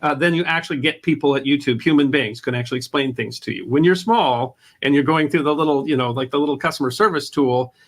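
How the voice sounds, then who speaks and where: A man's voice: a little high, fast talker, few pauses. A man talking as a guest in an interview about running a history channel, rambling and restarting his phrases, often laughing. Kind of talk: casual interview talk.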